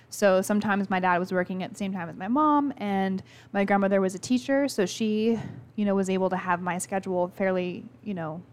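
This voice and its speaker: A woman's voice: medium pitch, a little mellow. A woman hosting her own podcast, telling a personal story in a candid, rambling way with many fillers. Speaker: podcast host. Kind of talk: casual solo podcast talk.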